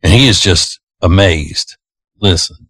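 A man's voice: low-pitched, a little slow, background noise. A man, hosting a morning radio show and chatting in a teasing, opinionated, rambling way. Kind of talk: casual morning-show chat. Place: radio studio. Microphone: studio microphone.

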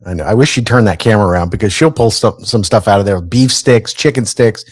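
A man's voice: lowish voice, fast talker, husky, dry recording. A man co-hosting a morning radio show in a studio, telling stories and bantering in an amused, chatty way.

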